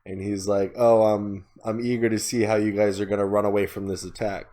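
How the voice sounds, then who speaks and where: A man with a low, fairly flat voice talks through a story recap in a loose, casual way. He quotes characters without changing his voice much and leans on "like" as a filler. His tone is mellow and dark. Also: brisk. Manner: casual, retells scenes with many "like" fillers, quoting characters in his own voice. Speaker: podcast co-host.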